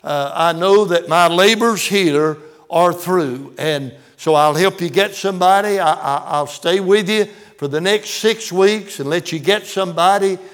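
A man's voice: high voice, a little slow, few pauses, fairly bright tone. An older man, a pastor, telling stories in a sermon in a folksy way, often stumbling over and repeating words.

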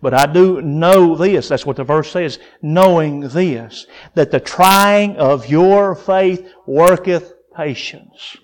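A man preaching a sermon, moving between soft, low passages and raised, pleading peaks, repeating phrases for emphasis. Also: slow, hardly any pauses.

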